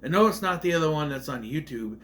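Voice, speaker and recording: A man's voice: on the high side, lively intonation, fast, a bit bright, a little hiss or hum. A man casually reviewing a movie on video, rambling off on tangents.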